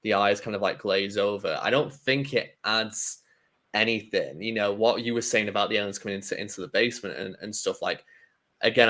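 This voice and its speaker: A man's voice: on the low side, a bit bright. A man on a film podcast, chatting casually and rambling with many restarts. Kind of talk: casual chat.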